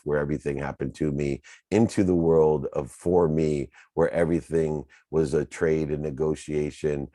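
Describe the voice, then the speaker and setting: A man with an extremely low, mellow voice tells his own story as a motivational talk. He speaks earnestly and with emphasis, stacking his points in repeated lists. The sound is dry and close, with no room around it. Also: dry recording.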